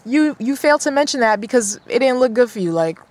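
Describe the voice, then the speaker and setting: A woman's voice: a little high, expressive, fast, darkish tone, no echo. A woman vlogger ranting in blunt, exasperated casual commentary, swearing often.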